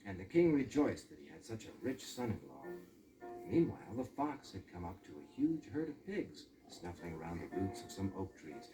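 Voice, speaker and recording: A man narrating a storybook tale in a lively, informal way. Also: sits low, moderate pace, music in the background, low-quality recording.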